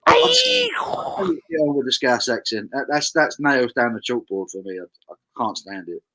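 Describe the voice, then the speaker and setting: A man's voice: medium pitch, huge pitch swings, moderate pace, sharp tone, poor audio. Chatty man reading comments. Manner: chatty, reads out viewer comments with asides. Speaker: livestream host. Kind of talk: casual chat reading comments.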